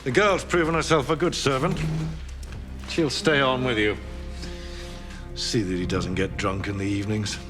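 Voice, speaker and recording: An actor playing an older lord and commander who speaks coldly and with authority. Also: male voice, mid-range voice, fairly even intonation, normal speed, music in the background, lightly acted. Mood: stern. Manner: cold, authoritative.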